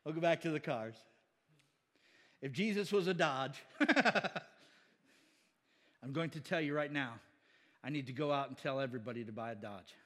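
A man preaching a sermon in an animated, chatty way, laughing often and voicing quoted people. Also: medium pitch, normal speed, long pauses, big-room sound.

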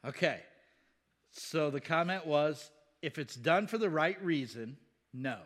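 A man's voice: on the high side, expressive, unhurried, fairly bright tone. A man, a pastor, teaching the Bible in a casual, conversational way, asking rhetorical questions and chuckling.

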